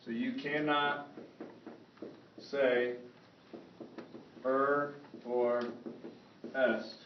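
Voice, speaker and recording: A man with a medium-pitched voice teaches a Spanish grammar lesson to a classroom, drawing out his words and often asking if students follow. He's lively. The recording is echoey, dull, far from the mic, with slight background noise.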